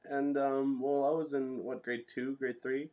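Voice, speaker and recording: A young man hosting a casual podcast chat, relaxed and rambling, with lots of fillers. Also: medium pitch, measured pace, dull audio. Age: young adult. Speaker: podcast host.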